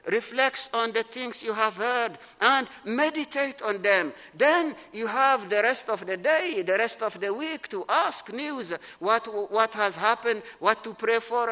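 A middle-aged male pastor preaching in a church, his high, bright voice carried by a long reverb. He is earnest and emphatic, slowing down and repeating phrases to drive points home. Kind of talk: sermon. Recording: long reverb of a large hall.

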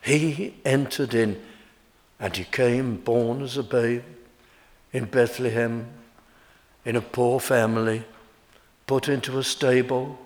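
Male preacher giving a sermon, slow deliberate delivery, big echoey church hall. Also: mid-range voice. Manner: slow, emphatic, rising on key words.

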